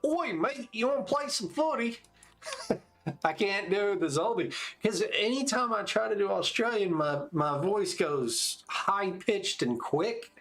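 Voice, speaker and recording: Pitched fairly high and fairly bright, this man in his forties chats casually while streaming a game. His commentary is laid-back and talkative, with tactics called out between stories.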